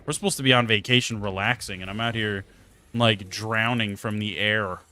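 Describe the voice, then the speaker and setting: A man's voice: fairly low pitch, normal speed. A young man streaming a game, telling stories to chat in a casual, swearing, exasperated way. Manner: animated, swearing, exasperated storytelling. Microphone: close desk mic.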